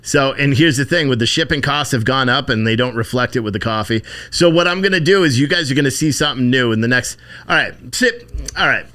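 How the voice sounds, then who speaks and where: A man's voice: medium pitch, fairly quick, pushed and bright. A man hosting a live stream, chatting casually and rambling with heavy swearing while he thanks viewers for donations. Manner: profane, rambling, thanks donors by name. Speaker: livestream host.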